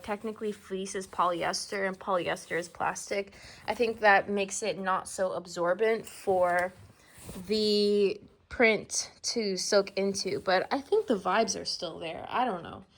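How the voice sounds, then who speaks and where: A woman's voice: mid-range voice, fairly bright tone. A young woman vlogging casually to camera about her art and market finds, chatty and giggly. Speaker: vlogger and artist. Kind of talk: casual vlog talk to camera. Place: car.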